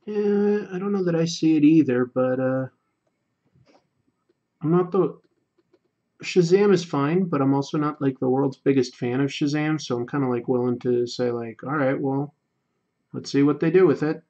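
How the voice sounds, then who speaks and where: A man hosting a drawing livestream, chatting casually and reading viewer comments, going quiet during fine detail work. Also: on the high side, normal speed, muffled recording. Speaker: livestream host. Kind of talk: casual chat while drawing.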